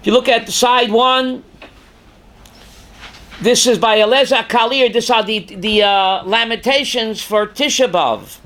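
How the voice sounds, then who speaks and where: An older man, a rabbi teaching a class, reads scripture aloud with dramatic force, sometimes shouting, and questions his students. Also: extremely high pitch, unhurried. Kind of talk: Torah class lecture.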